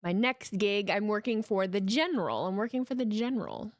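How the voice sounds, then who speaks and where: A woman's voice: mid-range voice, sing-song, brisk, no echo, studio quality. A woman hosting a live watch-along stream, chatting playfully with her viewers and teasing them. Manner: playful, teasing, talks to her chat as "my darlings". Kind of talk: casual live-stream chat. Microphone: headphones with desk mic.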